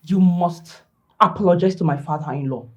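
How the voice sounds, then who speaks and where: A woman's voice: lowish voice, normal speed, a little hiss or hum, close to an everyday voice. An actress with a Nigerian accent playing a defiant young wife who confronts her father and accuses him of fraud. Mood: pleading. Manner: confrontational, shouting. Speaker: daughter-in-law. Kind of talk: Nollywood film acting.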